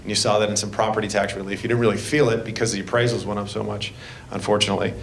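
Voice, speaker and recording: A man's voice: little pitch movement, racing, creaky. A man, a state representative giving a folksy, joking speech at a public meeting. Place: school board meeting room. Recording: echoey room, faint rumble.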